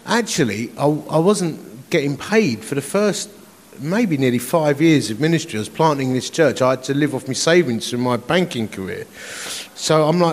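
A man's voice: fairly high pitch, lively intonation, normal speed. A man in his forties, a pastor, preaching a conference sermon in a chatty, self-mocking storytelling way. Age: 40s. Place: large conference hall. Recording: echoey conference hall.

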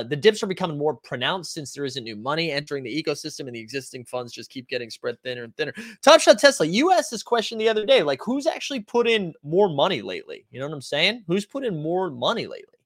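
A man's voice: fairly high pitch, fairly bright tone, no room sound, studio quality. A man hosting a casual stream, reading viewer comments aloud in a loose, conversational way, full of likes and ums. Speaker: stream host.

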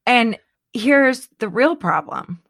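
A middle-aged woman in casual chat, animated and dramatic, laughing often. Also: fairly high pitch, slow pace, no echo, clean studio sound.

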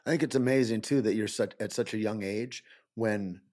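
A man with a fairly low voice, a guest in a casual podcast conversation. He mostly chimes in with short reactions and the odd question. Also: normal speed, darkish tone. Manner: short encouraging interjections and brief questions. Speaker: interview guest. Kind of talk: casual interview.

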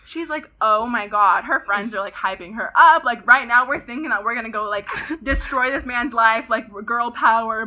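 A woman of about twenty from Pasadena, California, telling a story as a podcast guest in an animated way, saying "like" constantly and swearing often. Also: fairly high pitch, normal speed, hardly any pauses. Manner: animated, heavy use of "like", frequent swearing. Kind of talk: casual storytelling interview.

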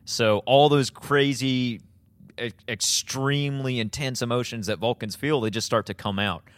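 A man in his thirties co-hosting a podcast, recapping an episode in casual chat, animated and laughing often. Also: medium pitch, normal speed, no echo. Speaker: podcast co-host.

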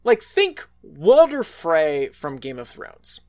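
A man talks through a story in a loose, casual podcast chat. His voice sits a little high, and he circles back with fillers and restarts as he goes. He swears freely along the way. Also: huge pitch swings, slow, a little mellow, clear, resonant tone. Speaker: podcast co-host.

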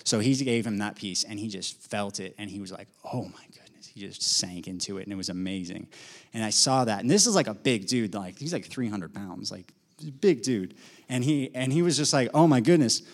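A man casually sharing a testimony at a church gathering, rambling and animated, with lots of fillers. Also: fairly low pitch, brisk, creaky. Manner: animated, filler-heavy storytelling with acted quotes. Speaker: congregation member sharing a testimony.

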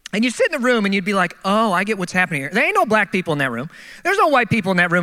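A man preaching as a pastor, telling comic stories with animated, exasperated outbursts. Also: extremely high pitch. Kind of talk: sermon.

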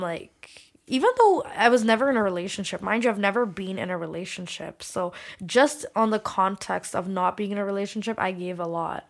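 A young woman talks openly as a guest on a podcast. Her voice sits at an ordinary middle pitch, and her delivery is frank and emotional. She swears freely and leans on "like" as she works through her thoughts. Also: gravelly. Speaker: musician guest. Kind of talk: candid podcast conversation.

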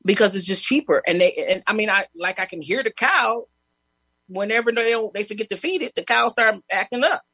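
A woman guest telling lively stories in casual chat, laughing and acting out other people's lines. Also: medium pitch, fairly quick, breathy edge, no room sound. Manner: animated, laughing, acts out neighbors' lines.

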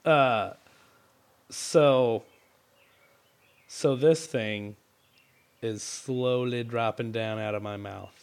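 A man's voice: mid-range voice, drawn-out words, creaky, pauses often, clear, resonant tone. A man co-hosting a casual podcast, telling a rowdy childhood story with lots of swearing and acted-out quotes. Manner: animated, profane storyteller who acts out quotes. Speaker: podcast co-host.

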